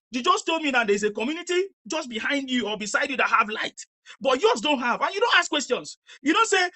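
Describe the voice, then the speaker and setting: A woman, interviewing people in the street and lecturing them forcefully with a lot of repetition. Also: high-pitched, very animated, brisk.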